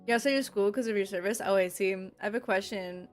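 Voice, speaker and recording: A woman's voice: mid-range voice, fast talker, faint music behind. A young woman streaming as a VTuber, chatting casually with her viewers, rambling and laughing often. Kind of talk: casual livestream chat, reading and answering chat.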